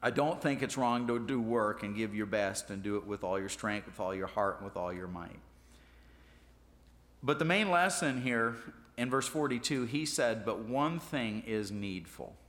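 A man's voice: medium pitch, normal speed, a bit bright, big-room sound. A man preaching a sermon in a folksy, self-deprecating way, often restarting his words. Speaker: pastor.

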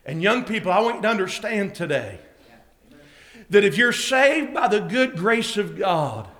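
High bright-voiced preacher man. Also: moderate pace. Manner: storytelling, rising to shouting excitement. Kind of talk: sermon illustration story.

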